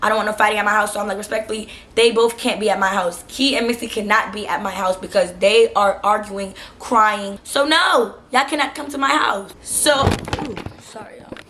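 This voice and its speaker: A woman's voice: medium pitch, brisk, few pauses, slight background noise. A young woman vlogger telling a storytime in a casual, slangy, exasperated way. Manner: animated, frustrated, slangy retelling.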